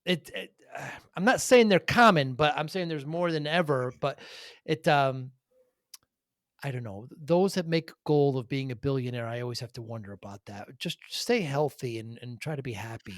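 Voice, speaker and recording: Give me a middle-aged business owner chatting casually, storytelling with laughs, recorded dry. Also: male voice, medium pitch, normal speed, no room sound. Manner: rambling storyteller, laughs often. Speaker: podcast co-host, business owner. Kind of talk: casual conversation.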